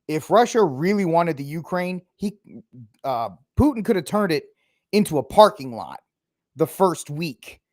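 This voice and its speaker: A man's voice: fairly high pitch, big pitch swings, measured pace, no echo. Opinionated man hosting a dry-sounding podcast. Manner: opinionated, mocking, acts out impressions of politicians. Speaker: podcast host. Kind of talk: casual political commentary.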